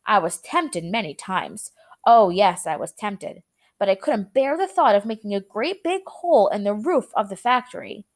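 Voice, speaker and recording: A woman voicing a cheerful, eccentric male candy-maker in a storybook read-aloud, brisk, playful and confident. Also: medium pitch, animated. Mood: gleeful.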